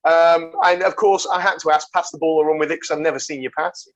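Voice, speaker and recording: A man's voice: a little high, steady tone, fast talker. A man hosting a podcast, chatting with a guest in a chummy, teasing way. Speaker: podcast host. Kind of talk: casual chat.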